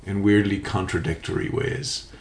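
A man's voice: fairly low pitch, moderate pace, vocal fry. A man in casual podcast chat, rambling, swearing and laughing often.

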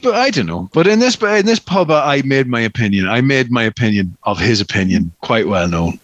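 A man co-hosting a podcast in casual chat, animated and sweary, laughing often. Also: mid-range voice, brisk, dry recording, lo-fi sound. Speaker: podcast co-host.

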